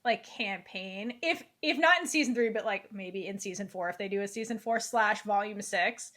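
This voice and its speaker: A woman's voice: mid-range voice, normal speed, fairly bright tone. A woman co-hosting a casual book club chat, talking eagerly and rambling with many fillers. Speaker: podcast co-host.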